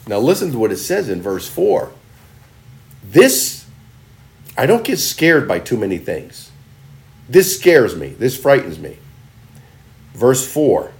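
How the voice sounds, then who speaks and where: A male pastor preaching a sermon, reading scripture and driving points home with emphatic, punchy delivery that swings between loud and soft. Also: mid-range voice, big pitch swings, slow pace, long pauses.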